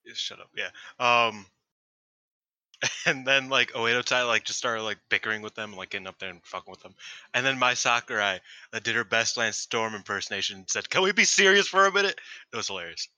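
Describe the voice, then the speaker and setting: A man co-hosting a casual podcast in a rambling, filler-heavy way, swearing offhand as he goes. His voice is very bright and a little low, and the recording is dry and close. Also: steady tone, brisk, no room sound, low-quality recording. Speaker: co-host. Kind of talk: casual wrestling podcast chat.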